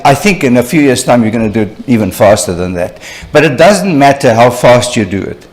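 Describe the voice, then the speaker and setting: An older man, a surgeon giving a conference lecture, talking conversationally and telling anecdotes with frequent asides to the audience. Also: medium pitch. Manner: conversational, animated storyteller with frequent "you know" asides.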